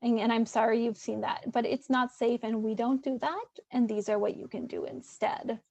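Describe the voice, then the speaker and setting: A woman's voice: on the high side, steady tone, moderate pace, vocal fry, a little mellow, no room sound. A woman therapist presenting a webinar in a loose, conversational way, with many fillers and restarts.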